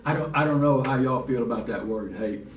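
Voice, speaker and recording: A man's voice: mid-range voice, brisk. A man teaching a church Bible lesson in a folksy, restarting way, reading scripture aloud. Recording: echoey room from far off, faint noise.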